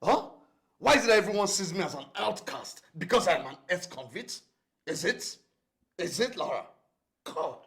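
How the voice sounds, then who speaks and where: An actor playing a frustrated young ex-convict, with a Nigerian English accent, swinging between pleading outbursts and tense whispers. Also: male voice, deep voice, sing-song, unhurried, a bit bright, full character voice. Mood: anguished. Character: frustrated young ex-convict man, bitter and defensive. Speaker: ex-convict brother.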